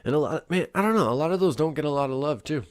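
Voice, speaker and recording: A man's voice: fairly high pitch, animated, very fast. A young man hosting a casual solo show, rambling with lots of fillers and swearing. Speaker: podcast host.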